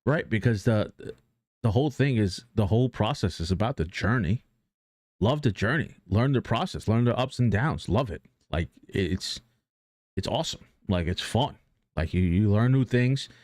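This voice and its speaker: Low-voiced man giving rambling pep talk. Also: animated, moderate pace, darkish tone, no room sound, studio quality. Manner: rambling and earnest, many restarts and fillers, casual swearing. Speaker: streamer. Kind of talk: casual motivational talk on a live stream.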